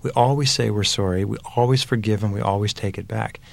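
A man's voice: on the low side, fairly quick, vocal fry, no room sound. A man giving earnest, emphatic parenting advice in a motivational talk, building his points through repeated phrases. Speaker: parenting speaker.

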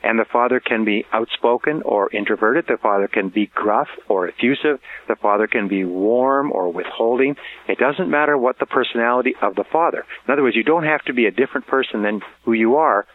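A man's voice: mid-range voice, brisk. A middle-aged man giving an earnest talk on parenting, repeating key words for emphasis and chuckling at his own stories. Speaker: motivational speaker. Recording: tinny phone-like audio.

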